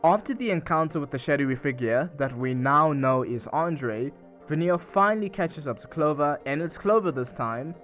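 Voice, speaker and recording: A man's voice: a little high, lively intonation, normal speed, fairly bright tone, faint music behind. Chatty man recapping a game story. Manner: loose, chatty retelling with many "and she goes" asides. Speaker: gaming channel narrator.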